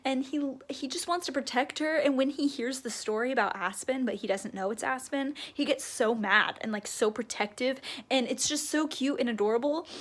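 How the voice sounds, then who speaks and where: A young woman vlogging her reactions to a book series, talking dramatically and gushing or ranting in casual chat. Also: sits high. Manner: animated and dramatic, gushing and ranting about characters. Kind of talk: casual reading-reaction vlog.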